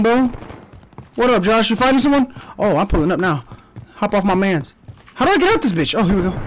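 A young man streaming a shooter game, commenting loudly with profane trash talk and sudden yelps. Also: sits high, slight background noise. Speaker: gaming streamer. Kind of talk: live gameplay commentary.

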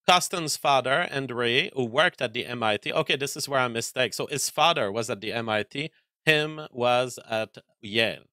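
A man hosting a commentary show, speaking deliberately with frequent hesitations and fillers. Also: medium pitch, pushed and bright, dry recording. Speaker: host.

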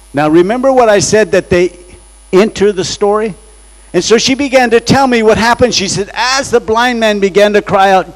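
A man's voice: high-pitched, low-quality recording. A man preaching as a guest in church, telling a story dramatically and acting out the voices he quotes. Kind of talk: storytelling sermon. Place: church sanctuary.

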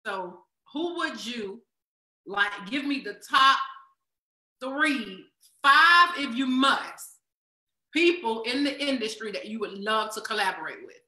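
A woman's voice: a little high, lively intonation, takes it slowly, sharp tone. A woman co-hosting a casual interview, reacting enthusiastically with short remarks. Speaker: podcast co-host. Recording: roomy echo.

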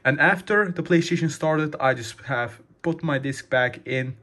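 A man's voice: fairly high pitch, a little slow, fairly bright tone. A young man hosting a casual gaming tip video, rambling and calling his viewers guys, a little out of breath. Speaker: gaming channel host.

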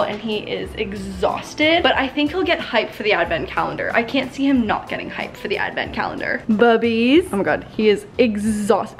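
A woman's voice: on the high side, fairly bright tone. A young woman chatting casually to her camera at home in a vlog, bubbly and chatty. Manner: bubbly, chatty, baby-talks her dog. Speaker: vlogger.

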